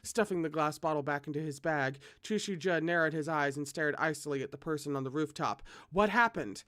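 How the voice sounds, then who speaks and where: A host reads a novel aloud with expressive delivery and drops in chatty asides. The voice sits at a middling pitch and sounds close and dry. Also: fairly quick, dry recording. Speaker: read-aloud reader.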